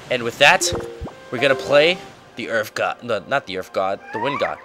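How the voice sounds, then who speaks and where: A man's voice: mid-range voice, very animated, normal speed, pushed and bright. A man casually commenting on a video game as host, joking and swearing freely, over game music. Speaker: let's play host.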